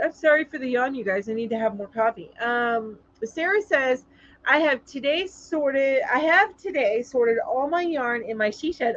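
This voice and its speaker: A woman hosting a casual live-stream chat, reading viewer comments aloud in a chatty, sympathetic way, halting with many ums. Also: sits high, expressive, a bit bright, lo-fi sound. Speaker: live show host.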